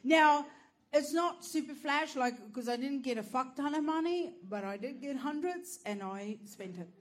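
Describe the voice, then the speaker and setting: A woman's voice: high-pitched, moderate pace. A woman telling a stand-up comedy story in a crude, profane, self-mocking way. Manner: lively, animated delivery.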